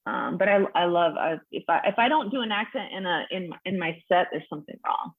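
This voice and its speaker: Brief: forties woman comic, husky, frank and profane, tinny phone-like video-call sound. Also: on the low side, expressive. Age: 40s. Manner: frank, profane, quick to laugh. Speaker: stand-up comedian, guest. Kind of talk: casual chat.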